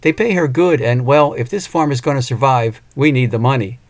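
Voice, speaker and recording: A man's voice: medium pitch, a little fast, no room sound, lightly acted. A man voicing a lonely, wistful older farmer who talks plainly with a rural turn of phrase.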